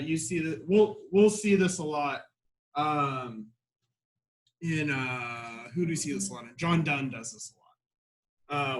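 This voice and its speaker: A man teaching a literature class in a classroom, lively and full of rhetorical questions, often asking "right?". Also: on the high side, poor audio. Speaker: high school literature teacher.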